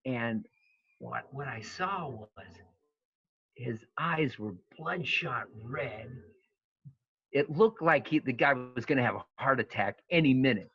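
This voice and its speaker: A man in his fifties, a wrestling coach, telling stories in an interview, animated and full of fillers and restarts. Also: mid-range voice, slow pace, vocal fry, slightly rough, no echo. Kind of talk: storytelling interview. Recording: dull lo-fi sound, dry.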